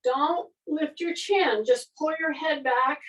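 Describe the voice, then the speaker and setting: A woman fitness instructor leading a guided workout class, giving steady coaching cues while exercising along. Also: sits high, takes it slowly, far from the mic, rough recording.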